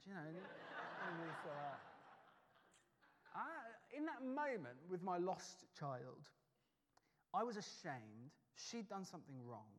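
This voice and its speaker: A man preaching a sermon, telling a personal story with animated restarts and acted-out lines. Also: on the high side, unhurried, pauses often. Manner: animated storytelling, acts out calling and scolding, stammering restarts. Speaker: pastor. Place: church hall. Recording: long hall reverb.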